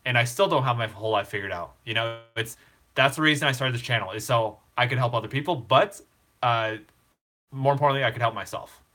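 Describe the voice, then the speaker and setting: A man's voice: medium pitch, a little fast, pushed and bright. A young man hosting a casual live stream, talking earnestly and emotionally to comfort a viewer.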